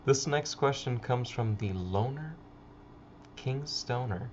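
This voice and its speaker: A man's voice: medium pitch, slow, highs cut off, slight background noise. A man hosting a casual livestream chat, rambling with frequent stammers and swearing. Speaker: livestream host.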